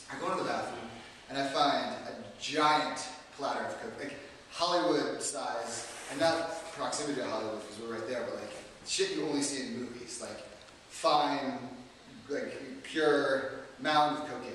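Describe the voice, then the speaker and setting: A man's voice: mid-range voice, unhurried, a bit bright, a little hiss or hum. A man telling a comic story to an audience, rambling and self-deprecating, with lots of fillers. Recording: echoey hall, distant mic.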